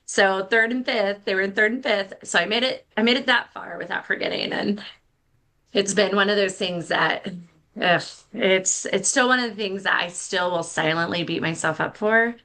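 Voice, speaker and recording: A woman's voice: medium pitch, fairly even intonation, moderate pace, vocal fry, pushed and bright. A middle-aged woman telling a candid, self-deprecating story as a podcast guest, with many fillers and restarts. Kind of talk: casual storytelling.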